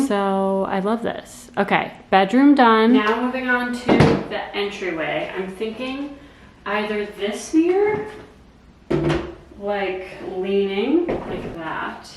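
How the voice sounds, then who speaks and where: American woman, decor vlogger, mid-pitched, gushing and chatty, roomy echo. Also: heavy background noise. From United States. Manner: bubbly, gushing, lots of "like" fillers. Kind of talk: casual chatty vlog narration. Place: at home, indoors.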